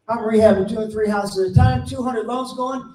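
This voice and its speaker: A middle-aged man giving a conference talk, telling a folksy story and acting out the dialogue with animated voices. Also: high voice, fairly quick. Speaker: conference speaker. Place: conference room. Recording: roomy, distant mic, faint ambience.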